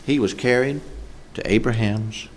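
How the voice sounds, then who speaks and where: A man's voice: mid-range voice, a little slow, slight background noise. A man preaching a sermon in an emphatic cadence, with frequent filler sounds.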